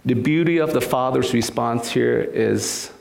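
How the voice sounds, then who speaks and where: Unhurried and a little mellow, the preacher's mid-range voice carries some vocal fry in a roomy space with slight background noise. He preaches earnestly, repeating words and voicing the people he quotes.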